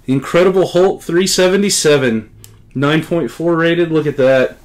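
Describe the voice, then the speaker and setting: A middle-aged comic book collector chats casually during an unboxing, his voice on the high side at a moderate pace. He's talkative and keeps exclaiming with excited thanks.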